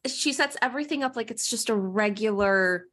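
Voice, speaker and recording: A woman's voice: fairly high pitch, moderate pace, a bit bright. A woman co-hosting a casual podcast who agrees eagerly and laughs easily while recapping a film. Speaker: podcast co-host.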